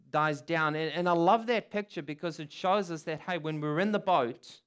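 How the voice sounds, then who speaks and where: Earnest male preacher with a clear voice. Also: fairly high pitch, a bit bright. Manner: earnest, repetitive preaching with emphatic quotes. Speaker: pastor. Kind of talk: sermon.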